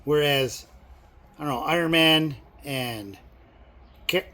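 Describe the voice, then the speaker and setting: A middle-aged man chats casually on his vlog, wandering from point to point with plenty of fillers. His voice sits a little high for a man. Every so often he bursts out with excitement. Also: slow. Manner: rambling, filler-heavy talk with excited outbursts. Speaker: movie vlogger. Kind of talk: casual chat.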